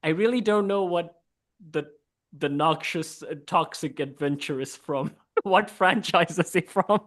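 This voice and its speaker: A man's voice: a little high, measured pace, a bit bright. A man hosting an online improv game in a costume persona, playful and laughing, over a video call. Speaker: improv host.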